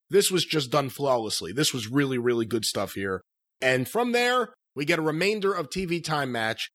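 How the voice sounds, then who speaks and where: A man with a bright, forceful voice walks through old wrestling matches with eager, analytical chat. He sounds close and dry, with no room around him. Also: on the high side, no room sound. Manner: enthusiastic play-by-play recapping. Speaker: wrestling review podcast co-host.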